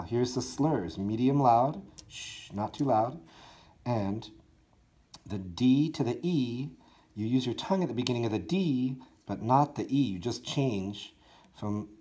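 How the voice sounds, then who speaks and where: A man's voice: mid-range voice, dark tone, breathy edge. A man teaching a school band part, counting aloud and singing the notes, with encouraging talk for his students. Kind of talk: instructional walkthrough for students.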